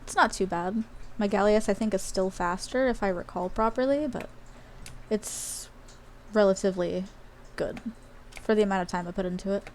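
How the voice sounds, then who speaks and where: A woman's voice: mid-range voice, normal speed, a little mellow, slight background noise. Chatty woman streamer from Australia. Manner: rambling, chatty, with many fillers and asides. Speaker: game streamer. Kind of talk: casual live-stream chat while gaming.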